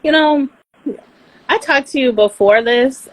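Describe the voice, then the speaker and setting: A woman guest on a podcast, speaking hesitantly and shyly with soft laughs. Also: high-pitched, unhurried, no room sound, low-quality recording. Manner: shy, hesitant, laughs softly. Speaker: therapist guest. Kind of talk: casual interview chat.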